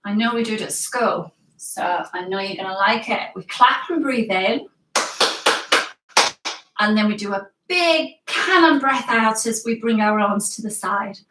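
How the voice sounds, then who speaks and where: A woman's voice: medium pitch, unhurried, a bit bright, distant mic, slight background noise. A British woman teaching yoga to children, giving playful, encouraging step-by-step instructions. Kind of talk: guiding a children's yoga class live. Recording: echoey room, voice from away from the mic.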